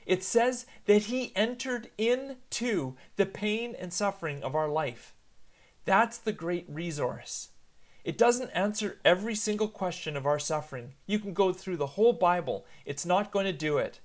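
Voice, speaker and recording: A man in his thirties, a pastor, preaching a sermon in an earnest storytelling manner and slowing down for emphasis. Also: sits high, lively intonation.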